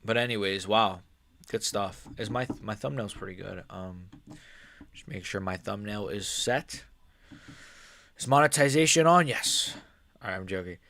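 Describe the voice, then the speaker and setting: A man giving casual live-stream commentary as an MMA YouTuber, rambling and excitable, often restarting his sentences. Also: on the low side, unhurried, pauses often.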